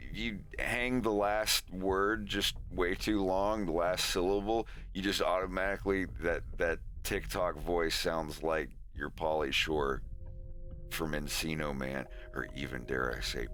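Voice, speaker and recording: A man's voice: deep voice, fairly even intonation, a little slow, fairly bright tone, a little hiss or hum. A man chatting casually on his live stream, rambling and joking as he mimics voices.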